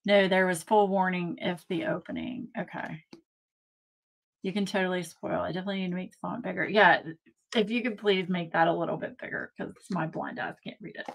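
A woman hosting a casual live-stream craft unboxing from home, gushing and excitable as she chats to viewers. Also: on the low side, brisk, creaky. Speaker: craft channel host.

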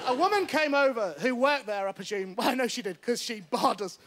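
A man's voice: very high voice, lively intonation, brisk, heavy background noise. A male comedian telling a stand-up story before a live studio audience, acting out the voices of the people in it. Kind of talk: stand-up anecdote. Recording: TV studio with loud audience laughter.

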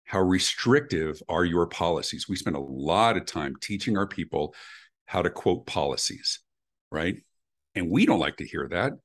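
A man's voice: low-pitched, slightly rough. A middle-aged man speaking intensely and emphatically as an interview guest on customer experience. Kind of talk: animated interview answers.

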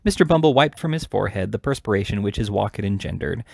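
Male audiobook reader, gravelly and low, dry close mic, prone to small stumbles. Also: animated, fast, a little mellow, dry recording. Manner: frequent slips and restarts mid-word. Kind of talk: reading a classic novel aloud.

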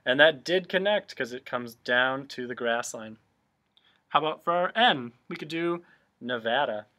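A man's voice: medium pitch, expressive, measured pace, bright, forceful tone. A man teaching a remote cursive handwriting lesson, explaining each stroke patiently, step by step.

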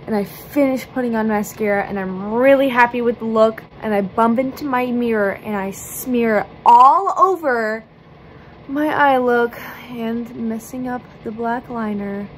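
A woman's voice: a little high, a little slow, a little hiss or hum, poor audio. Bubbly woman chatting through a makeup tutorial. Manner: bubbly and playful, chatty asides. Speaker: makeup vlogger.

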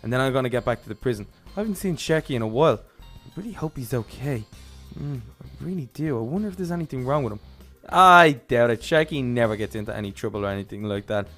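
A young man hosting a game role-play, narrating every move in character and getting loud and excited during the action. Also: mid-range voice, fast, faint music behind.

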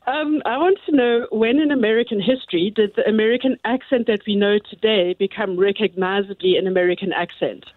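A woman calling in to a radio show, friendly and quick to laugh, heard over a phone line. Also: mid-range voice, no echo. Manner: giggly, friendly, laughs often. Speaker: caller. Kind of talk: phone-in call.

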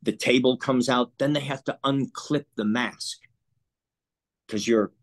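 A man in his sixties telling a personal story in an interview, earnest and emotional, often clearing his throat. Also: medium pitch, steady tone. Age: 60s. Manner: earnest, emotional, halting with restarts. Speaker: interview guest.

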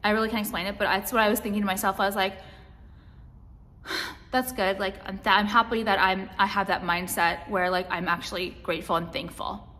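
A woman's voice: mid-range voice, flat delivery, a little fast, bright, forceful tone. A young woman talking casually to her viewers in a rambling, confessional way, full of restarts and fillers. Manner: rambling, many likes and restarts. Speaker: vlogger. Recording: long reverb.

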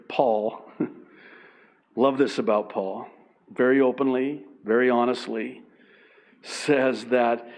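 Animated, self-deprecating male pastor. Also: mid-range voice. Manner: animated, self-deprecating, laughs often, acts out voices. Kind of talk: sermon.

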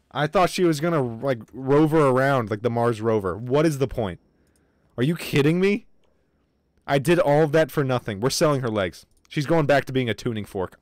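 A young man commentating his game on a livestream, excitable and swearing, with quick outbursts of frustration. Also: medium pitch, no echo. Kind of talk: casual gaming livestream commentary.

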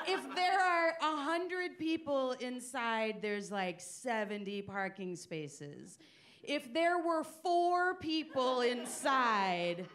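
A woman's voice: sits high, fairly bright tone. A woman comedian in her forties telling self-deprecating stories on stage, acting out the quotes. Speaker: stand-up comedian. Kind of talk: stand-up comedy storytelling. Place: comedy stage before a live audience. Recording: live audience laughter behind.

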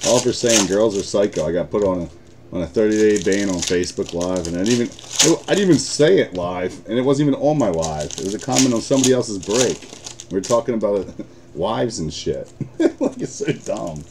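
A man's voice: on the low side, animated, fairly quick, background noise. A man with an American accent hosting a live card break, chatting casually, swearing and laughing often.

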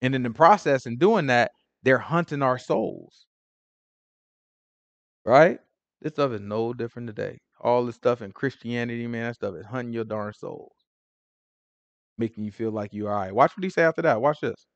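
A man's voice: medium pitch, normal speed, vocal fry, pauses often, no echo, dull audio. Emphatic man preaching in dry sound. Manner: emphatic, conversational, swings from loud to hushed. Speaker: Bible teacher. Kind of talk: informal sermon commentary.

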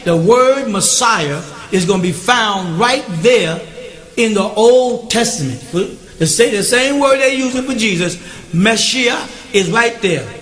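Guy with a higher voice teaching a q&a class, pushy emphatic delivery, keeps asking if you follow, echoey room. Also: expressive, a little slow, a bit bright. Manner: emphatic, often checks with the audience. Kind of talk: recorded question-and-answer class.

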